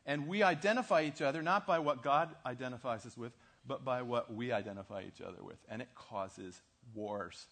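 Male pastor, mid-pitch, animated sermon storyteller. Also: moderate pace, gravelly, hardly any pauses. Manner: animated, asks the audience questions, acts out dialogue. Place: church.

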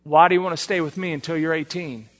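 A man voicing a huge male drill sergeant, gruff but caring, who talks in low, clipped commands. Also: fairly even intonation, fast talker, in a large hall, lightly acted. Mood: gentle.

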